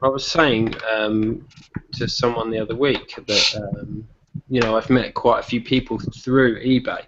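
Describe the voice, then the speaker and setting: A man's voice: fairly low pitch, steady tone, measured pace. Chatty British man hosting a chat. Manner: chatty, rambling anecdotes with frequent fillers. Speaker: podcast host. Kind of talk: casual chat. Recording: slightly dull with faint noise.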